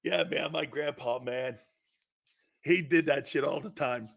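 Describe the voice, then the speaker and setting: A man hosting a sports talk show, telling stories loudly and laughing often between lines. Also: fairly high pitch, measured pace, vocal fry. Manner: loud, laughing, storytelling.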